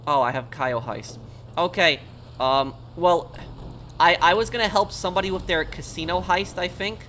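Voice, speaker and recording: A man's voice: sits high, normal speed, bright, forceful tone, a little hiss or hum. A man chatting casually on a gaming live stream, telling rambling stories and answering viewers' questions. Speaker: game streamer.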